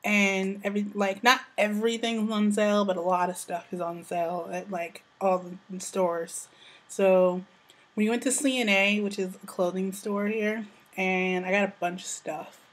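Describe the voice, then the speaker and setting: A woman's voice: medium pitch, steady tone, moderate pace. Young american woman rambling on her vlog, says like a lot. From United States. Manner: chatty, peppered with "like" and "you know". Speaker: vlogger. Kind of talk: casual vlog chat.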